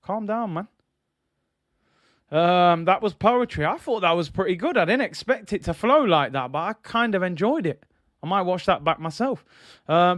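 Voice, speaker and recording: Young guy ranting over a footy match, kinda high voice, dead dry mic. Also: a bit bright, no echo. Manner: exasperated, sarcastic, repeats himself. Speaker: football channel host. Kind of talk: live watch-along commentary.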